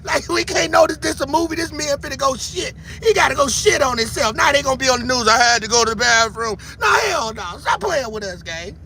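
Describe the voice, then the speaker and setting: A man hosting a livestream, reacting to video footage in loud, profane, excitable commentary and often laughing. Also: very high voice, vocal fry, slight background noise. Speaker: livestream host.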